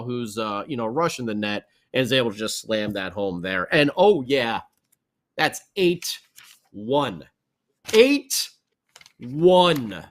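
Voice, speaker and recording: A man co-hosting a podcast, recapping a hockey game in a casual, rambling and excitable way. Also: mid-range voice. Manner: excitable, rambling, animated storytelling. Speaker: podcast co-host.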